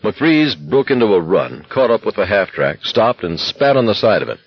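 A man reading a novel aloud as an audiobook narrator, in a steady, even manner. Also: on the low side, moderate pace, breathy edge, dry recording, highs cut off.

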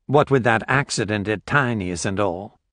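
A man's voice: lowish voice, normal speed, a bit bright, no echo, studio quality. A man voicing an adult male reporter who asks friendly, offhand questions. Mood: casual.

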